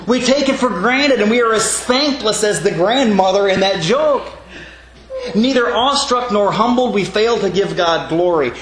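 A man's voice: sits high, fairly bright tone. Earnest preacher man in an echoey room. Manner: earnest, repeatedly addresses listeners as friends. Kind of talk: sermon. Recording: echoey room with faint background noise.

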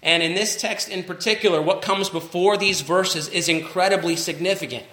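A man preaching a sermon as pastor, measured and emphatic, slowing down on key phrases. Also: sits high, bright, forceful tone, roomy sound, poor audio.

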